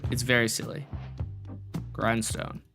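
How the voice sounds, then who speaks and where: A man's voice: mid-range voice, little pitch movement, measured pace, creaky, sharp tone, faint music behind. A young man casually chatting and joking with his live-stream chat while building in a block game, rambling and goofy.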